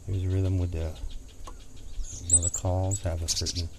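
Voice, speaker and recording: A singer-songwriter chatting casually between songs in a rambling way, recorded outdoors on a porch with a portable recorder. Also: male voice, low-pitched, little pitch movement, unhurried, background noise. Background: acoustic guitar playing.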